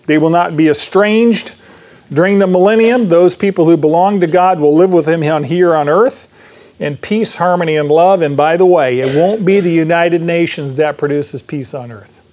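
A man's voice: on the high side, normal speed, a little mellow. A man preaching a sermon as pastor, mixing scripture reading with conversational, joking asides to the congregation.

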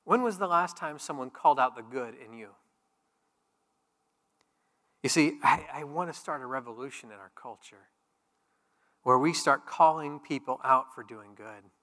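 A man preaching a sermon as pastor, conversational and joking, swinging from loud emphatic peaks to quiet intimate asides. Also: mid-range voice, normal speed, pauses often. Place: large church sanctuary. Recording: long hall reverb.

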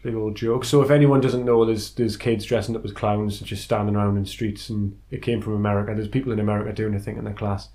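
A man's voice: lowish voice, steady tone, fast talker, few pauses, mellow. A man co-hosting a casual podcast, reading out listener emails and joking crudely with plenty of swearing. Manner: jokey, swears freely, reads listener emails aloud. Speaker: podcast co-host. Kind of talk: casual chat.

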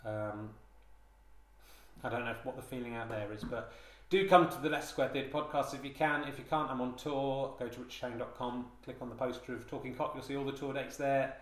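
This podcast host's mid-range voice moves fairly quickly and stays fairly even in intonation. His comedic monologue is mock-solemn and rambling, broken by repeated hesitations and restarts. The handheld digital recorder leaves a roomy, echoey quality.

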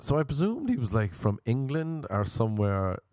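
A young man tells a comic story casually, jumping into asides and impressions of the people involved. His voice sits at an ordinary middle pitch. The sound is dry and close, with no room echo. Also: normal speed. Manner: animated, mimics people, rambling asides.

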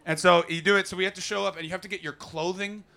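Bright-voiced young man doing stand-up. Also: high voice, fairly even intonation, gravelly. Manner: fast rambling with loud put-on voices. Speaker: stand-up comedian. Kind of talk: stand-up set. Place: comedy club stage before an audience. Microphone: handheld stage mic.

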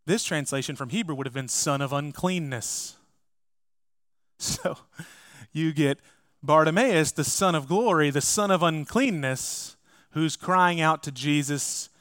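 A man's voice: a little high, fairly bright tone, clear, resonant tone, dry recording. Emphatic male pastor, dry close sound. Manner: emphatic, addresses the congregation directly. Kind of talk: sermon.

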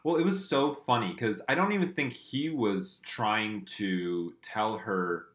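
A man's voice: fairly low pitch, unhurried, fairly bright tone. A man co-hosting a podcast, chatting casually and joking, with lots of "like". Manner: gossipy, jokey, lots of "like". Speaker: podcast co-host. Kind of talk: casual chat.

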